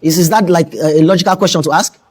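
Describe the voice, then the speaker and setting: A man's voice: on the high side, fairly even intonation. A man from Nigeria hosting a studio talk show, asking questions playfully. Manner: rapid, playful questioning with laughs. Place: television studio with a clapping audience.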